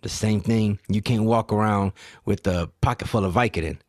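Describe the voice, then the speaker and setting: A podcast host with a fairly low voice tells stories alone at a normal speed, profane and emphatic, tossing out rhetorical questions and acting out quotes with animation. The recording is dry and clean, with studio sound.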